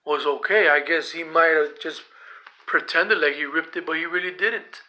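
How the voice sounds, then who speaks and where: A gentle, modest young woman, voiced by a male storyteller, her voice a touch raised and bright. She talks softly and slowly, smoothing things over. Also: a little high, steady tone. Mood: reassuring.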